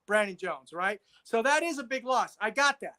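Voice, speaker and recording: A man's voice: high voice, animated, moderate pace, pushed and bright. A man co-hosting a casual sports talk show, insistent, repeating himself and checking agreement with "right?". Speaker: podcast co-host.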